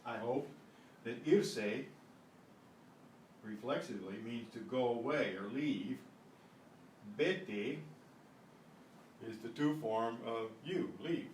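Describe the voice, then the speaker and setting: An older man teaches a language class at an unhurried pace, pausing to clear his throat. His voice sounds roomy and distant, as if caught by a mic across a classroom with faint noise behind. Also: mid-range voice. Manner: slow, patient, clears throat often. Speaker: Spanish teacher. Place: classroom at a senior center.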